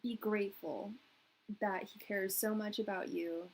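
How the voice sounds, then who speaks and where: A woman's voice: mid-range voice, steady tone, a little slow, poor audio. A young woman giving a live-stream tarot reading, chatty and emotional, with frequent laughter. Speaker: tarot reader.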